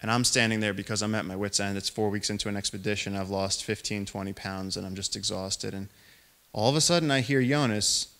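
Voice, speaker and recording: Animated young man telling a wild story. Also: fairly low pitch, a little fast. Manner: animated storyteller, acts out quoted voices, rising excitement. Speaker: featured speaker. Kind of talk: live storytelling talk to an audience.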